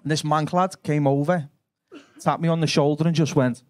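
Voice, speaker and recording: Brash Liverpool stand-up comic. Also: male voice, fairly high pitch, fairly even intonation, normal speed, no room sound. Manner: brash, swearing, bantering with the crowd. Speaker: stand-up comedian. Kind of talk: live stand-up comedy.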